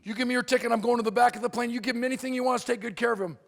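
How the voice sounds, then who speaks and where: A middle-aged man speaks from the stage as a motivational speaker, his voice pitched high for a man and gravelly at the edges. He moves his keynote along with comic storytelling and plays out the other people in quick quoted voices. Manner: animated, acts out characters in quoted voices. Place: convention hall.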